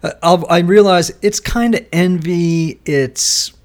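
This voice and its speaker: A man hosting a podcast interview, telling stories with animated asides. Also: high voice, slow pace. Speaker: podcast host. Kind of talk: casual interview chat.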